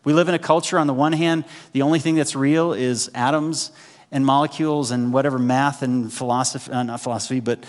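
A man preaching a sermon in a conversational way, often checking in with the congregation with quick asides. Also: mid-range voice, steady tone. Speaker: pastor. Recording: long hall reverb.

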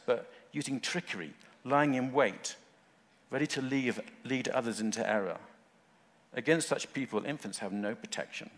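A man preaching a sermon in short, earnest phrases, rising at times to fervent emphasis. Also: mid-range voice. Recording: long hall reverb.

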